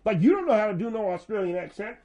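A man's voice: high voice, very animated, fast talker, warm tone, voice pushed up. A man voicing a blunt, slangy young man drawling opinions in a radio studio.

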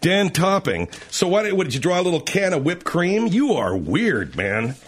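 A man hosting a talk radio show into a studio microphone, brash and teasing as he rambles along. His voice sits a little high and jumps around a lot in pitch. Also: very animated, moderate pace, breathy edge.

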